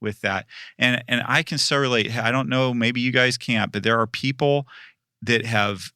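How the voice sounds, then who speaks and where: A man's voice: mid-range voice, steady tone, normal speed, bright, forceful tone, no room sound, studio quality. A male pastor in a casual discussion, talking animatedly, laughing often and acting out the people he quotes.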